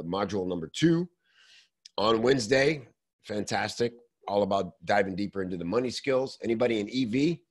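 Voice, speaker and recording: A man hosting a casual livestream, greeting viewers by name in an upbeat way, saying he is losing his voice. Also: on the low side. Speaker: host. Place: indoors with natural light.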